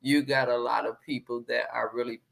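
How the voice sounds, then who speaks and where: Low, gravelly-voiced woman hosting a live chat. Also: little pitch movement, a little fast. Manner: heartfelt, repeats phrases. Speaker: livestream host.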